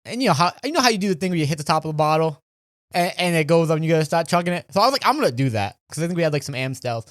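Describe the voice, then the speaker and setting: A man's voice: fairly high pitch, racing, no room sound, studio quality. A young man co-hosting a podcast, casually telling a story and acting out other people's lines. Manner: animated, acts out quoted voices. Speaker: podcast co-host.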